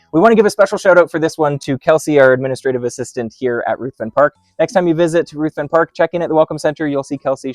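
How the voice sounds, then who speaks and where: A man's voice: medium pitch, no room sound, studio quality. A man hosting an outdoor educational segment by wooded trails, upbeat and playful. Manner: upbeat and playful, doing owl calls. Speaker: park host.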